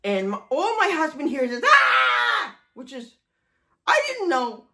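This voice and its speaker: Woman, forties, casual vlog storytelling, lively up-and-down delivery, fairly high voice, self-mocking. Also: moderate pace, shouting. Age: 40s. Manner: animated, self-deprecating, swears often. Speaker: vlogger.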